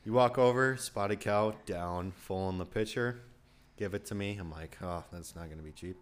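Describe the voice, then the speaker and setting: A man's voice: lowish voice, normal speed. A young man chatting casually as a podcast guest, laughing as he reminisces. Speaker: podcast guest, former bar regular. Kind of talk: casual chat.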